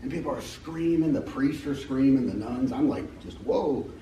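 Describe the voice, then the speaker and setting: A man's voice: medium pitch, lively intonation, normal speed, mellow, a little hiss or hum. A middle-aged American man giving an unscripted personal testimony at a church meeting, rambling and joking as he tells stories. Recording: echoey hall from a distance.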